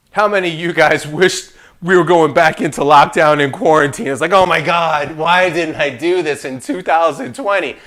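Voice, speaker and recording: A man leads an insurance licensing class in a loose, joking lecture. His voice sits a little on the high side, and he jumps into playful asides and trash talk. His delivery stays animated and conversational.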